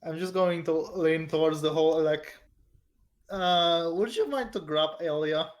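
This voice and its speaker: A tabletop game player in a middle-pitched voice. They stop and restart often while working out their character's moves. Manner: halting, many restarts.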